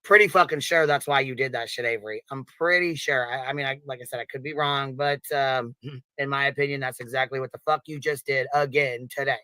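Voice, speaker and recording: A man on a live panel with a bright, smooth, clear voice. He accuses someone directly, with curses in almost every line. The sound is dry and close. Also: medium pitch, steady tone, fairly quick, dry recording, rough recording. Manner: accusatory, heavily profane. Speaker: panel guest. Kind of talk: heated panel talk.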